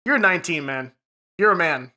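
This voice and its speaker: A man's voice: on the high side, lively intonation, normal speed, sharp tone. A young man co-hosting a podcast, swearing a lot as he retells a story in casual chat. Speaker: podcast co-host.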